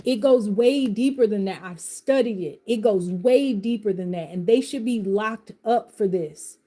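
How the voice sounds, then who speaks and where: A woman giving a live-stream reading and pep talk, swinging between soft comforting reassurance and fired-up passionate outbursts, in casual Southern vernacular. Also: mid-range voice, a little slow. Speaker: live tarot reader.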